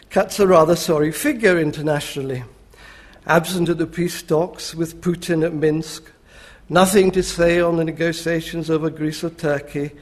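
An older man, a history professor, giving a public lecture in a dry, measured, ironic manner. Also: a little high, a little mellow.

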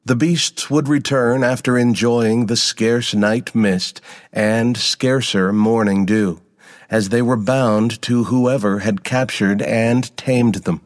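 A man giving a scripted first-person narration of a story in a measured, even manner. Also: medium pitch, in a large hall.

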